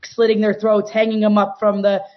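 A woman telling long, animated stories from her farm in casual talk, with many restarts. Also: mid-range voice, moderate pace. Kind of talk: casual storytelling. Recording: dull, muffled sound.

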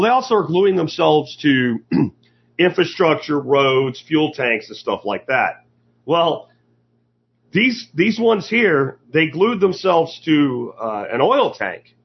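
A man's voice: medium pitch, breathy edge. A man hosting a podcast, giving a sarcastic, opinionated commentary monologue that rambles with restarts. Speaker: podcast host. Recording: dull lo-fi recording.

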